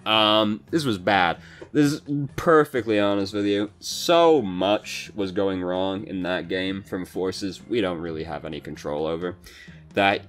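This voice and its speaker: A man talking through a match review as a gaming coach, casual and frank, swearing freely and venting frustration. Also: fairly low pitch. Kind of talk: casual gameplay commentary.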